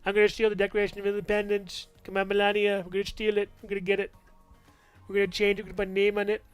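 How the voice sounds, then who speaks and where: A man doing a deliberately bad, over-the-top impression of a gruff, scheming male movie hero. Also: high voice, monotone, faint music behind, lightly acted.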